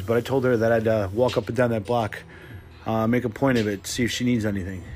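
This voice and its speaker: A young adult man hosting a casual solo podcast, telling a story in a profane, rambling way and often correcting himself. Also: mid-range voice. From New Jersey. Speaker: podcast host.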